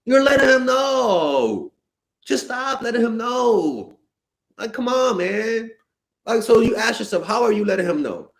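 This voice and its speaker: A man's voice: extremely high pitch, very animated, a little slow, creaky, a bit bright. A man giving blunt, exasperated dating advice in a casual monologue, swearing and exclaiming as he answers viewer questions. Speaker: dating coach.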